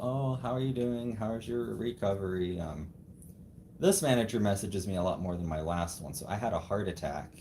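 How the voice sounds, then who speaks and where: A man's voice: low voice, darkish tone, roomy sound. A middle-aged American man coaching his wife through a build step by step, teasing her in casual livestream chat. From United States. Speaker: husband and co-host. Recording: noisy home livestream.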